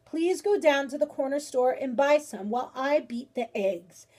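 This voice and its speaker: A woman's voice: high-pitched, animated. Woman voicing a bossy storybook grandmother. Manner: firm and brisk, then warmly delighted. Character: bossy, no-nonsense Jewish grandmother.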